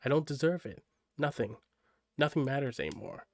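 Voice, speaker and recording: Despairing bullied girl, quiet and hopeless, read by a man. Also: mid-range voice, normal speed, no echo, clean studio sound, lightly acted.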